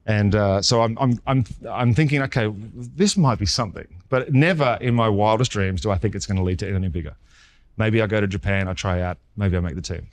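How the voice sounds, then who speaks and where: Lower-voiced Australian man telling stories. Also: quick pace. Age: 40s. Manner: lively storyteller who acts out quoted dialogue. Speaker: guest, former baseball pitcher. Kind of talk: casual storytelling interview.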